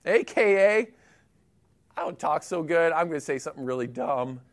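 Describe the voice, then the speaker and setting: A middle-aged man preaching a sermon in a relaxed, conversational way, with jokey asides and lively emphasis. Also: a little high, moderate pace. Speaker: pastor.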